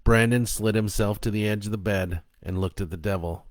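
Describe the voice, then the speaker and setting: A man narrating a dark story in a slow, even, low-key reading voice. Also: dry recording.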